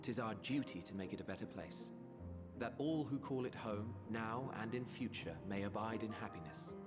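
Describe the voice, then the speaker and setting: An actor voicing a solemn ancient male scholar, speaking in measured, archaic, reverent lines over game music. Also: fairly low pitch, natural voice. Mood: serene. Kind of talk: video game voice acting. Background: game score music.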